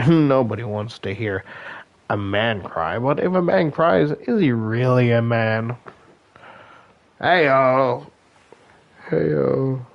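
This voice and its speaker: A man's voice: medium pitch, lively intonation, a little slow, lo-fi sound. A young man chatting casually late at night, tired and loopy, rambling and self-mocking, filling his talk with "like" and "right?". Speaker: gaming video creator.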